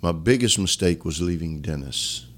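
Deep-voiced man, earnest and reflective. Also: animated, moderate pace. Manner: earnest, reflective, drops to a low hush when emotional. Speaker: former police chief, guest. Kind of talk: candid storytelling interview.

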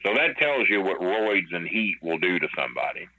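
A man's voice: deep voice, expressive, moderate pace, pushed and bright, highs cut off. A man telling a long story as a podcast guest, rambling and profane, with many fillers. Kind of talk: casual storytelling.

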